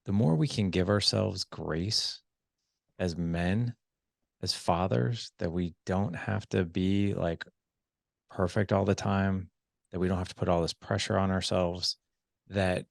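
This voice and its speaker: A male podcast host speaks in a reflective, affirming way as he winds toward his closing question. His voice is low with a gravelly edge and a good deal of fry. The sound is dry and close-miked. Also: no room sound. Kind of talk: interview talk.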